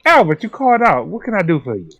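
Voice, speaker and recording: Slow, grave male game master. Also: high voice, very animated, fairly bright tone. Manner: slow, grave pronouncements in character. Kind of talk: narrating and voicing a tabletop game.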